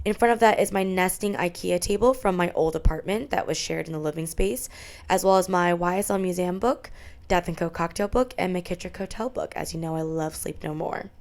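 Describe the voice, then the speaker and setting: A woman's voice: lowish voice, brisk, a little mellow. A young adult woman narrating a tour of her small apartment, chatty and candid as she lists her things. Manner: chatty, candid, listing items. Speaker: vlogger.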